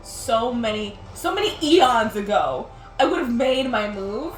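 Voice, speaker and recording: Young woman, gameplay chatter, rambling, laughing, lively pitch, echoey room. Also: a little slow. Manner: rambling, chatty, laughs a lot, says like often. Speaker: gaming video host. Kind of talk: casual chat while playing a game. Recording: roomy sound with game music behind.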